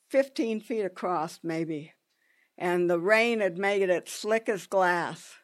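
A woman telling a personal story in an unhurried, halting way, with pauses and restarts. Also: medium pitch.

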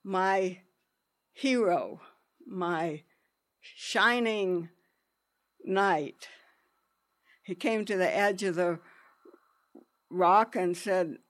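Woman storyteller, slow and deliberate, halting with pauses, mid-pitched voice. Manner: unhurried, halting with pauses and restarts. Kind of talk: personal storytelling.

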